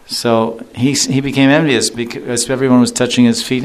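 Man giving a relaxed, joking scripture talk. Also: medium pitch, moderate pace, few pauses. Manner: relaxed, joking, chuckles often. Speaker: devotional teacher. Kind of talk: scripture lecture.

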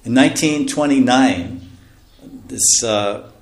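A man preaches a sermon, speaking in a loose, conversational style. He laughs often and drops into soft, quiet asides. His voice sits at a middle pitch and carries through an echoey room. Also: takes it slowly. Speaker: spiritual teacher.

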